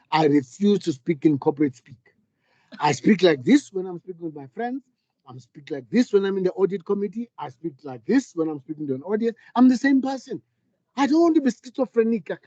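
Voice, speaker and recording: A man's voice: a little high, warm tone, dry recording, muffled recording. A middle-aged man, giving a candid, earnest talk as a panel speaker and telling a personal story with frequent restarts. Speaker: panel speaker, business leader. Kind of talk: reflective public talk.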